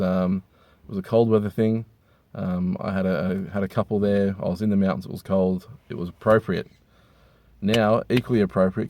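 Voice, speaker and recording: A hungover man, rambling crudely and with deadpan humor while reviewing hats from inside a car. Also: sits low, dry recording. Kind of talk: casual rambling monologue.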